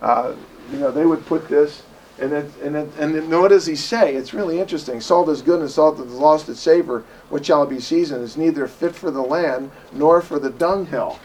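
A man preaching in a loose, story-driven way, breaking into laughter and jumping up high when he acts out voices. His voice sits a little higher than most men's. Faint noise hums behind him. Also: moderate pace, darkish tone, poor audio. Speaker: pastor. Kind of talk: conversational sermon.

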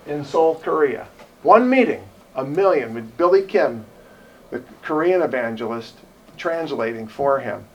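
A man preaching as an evangelist in a folksy, digressive, joking way, speaking to a congregation. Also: mid-range voice. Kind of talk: sermon. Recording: distant voice, faint noise.

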